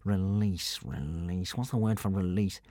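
A man's voice: medium pitch, very animated, a little slow, no echo, studio quality. A man voicing a treacherous, scheming villain in an audiobook, with a sneering, hissing drawl. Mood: muttering. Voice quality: sneering, hissing drawl, mangled foreign words. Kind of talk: audiobook character voice.

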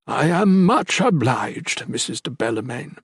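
A man's voice: medium pitch, sing-song, unhurried, breathy edge, no echo, studio quality, heavily acted. A man voicing an earnest, proper village clergyman in an audiobook, formal and apologetic. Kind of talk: audiobook character voice.

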